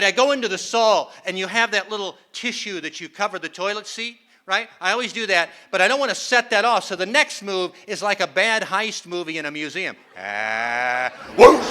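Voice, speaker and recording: A man's voice: sits high, pushed and bright. An older man performing a self-mocking stand-up comedy set on stage, acting out the voices he quotes. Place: conference hall stage with a live audience.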